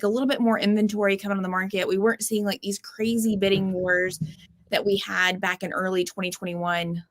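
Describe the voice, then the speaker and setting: A woman's voice: mid-range voice, a bit bright. Chatty woman agent on a video call. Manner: chatty, storytelling with many fillers. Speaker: real estate agent. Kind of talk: casual panel chat.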